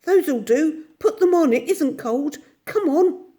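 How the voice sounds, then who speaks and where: An eager, bossy little girl from a storybook, urgent and excited, pitched well above the woman reader's own voice. Her tone stays mellow. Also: normal speed.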